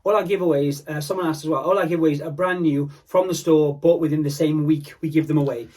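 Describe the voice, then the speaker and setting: A man's voice: a little high, steady tone, fast talker, a little mellow. A man co-hosting a thrift vlog with dry, sarcastic teasing. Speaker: thrift reseller and co-host. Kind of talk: casual vlog chat.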